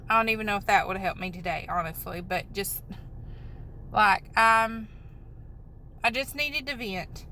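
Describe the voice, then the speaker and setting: A woman's voice: mid-range voice, unhurried, long pauses, pushed and bright, slight background noise, low-quality recording. A woman venting in a rambling, upset, apologetic way in a vlog, recorded on a phone in a parked car. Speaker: vlogger.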